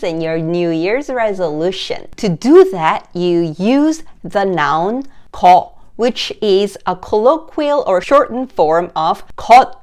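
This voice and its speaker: A woman teaching a grammar lesson, explaining slowly in English and reading example sentences quickly. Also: mid-range voice. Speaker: Korean language teacher.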